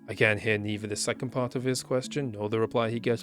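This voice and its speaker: A man's voice: medium pitch, fairly quick, hardly any pauses, faint music behind. A man reading a story game's text aloud, stumbling over words and breaking off to comment.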